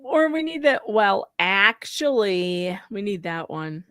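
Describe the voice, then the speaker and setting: A woman's voice: medium pitch, big pitch swings, takes it slowly, a bit bright, dry recording, studio quality. A woman co-hosting a casual livestream, playful and joking with lots of giggles. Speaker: livestream co-host.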